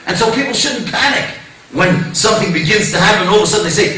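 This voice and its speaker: Animated rabbi lecturing in an echoey hall. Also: male voice, sits high, fast, a little hiss or hum. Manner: animated storytelling, acts out quoted voices. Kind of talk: lecture to a synagogue audience. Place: synagogue hall. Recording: echoey hall, mic at a distance.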